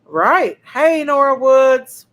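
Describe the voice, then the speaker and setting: A woman's voice: sits high, lively intonation, drawn-out words, a bit bright, low-quality recording. A woman hosting a casual livestream, talking to her chat viewers and sounding indignant. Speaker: livestream host.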